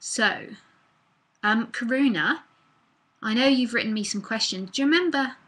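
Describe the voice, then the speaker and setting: A woman's voice: a little high, lively intonation, moderate pace, fairly bright tone, poor audio. A woman speaking as a spiritual teacher in a live online talk, earnest and casual, with fillers and the odd swear word, into a computer mic.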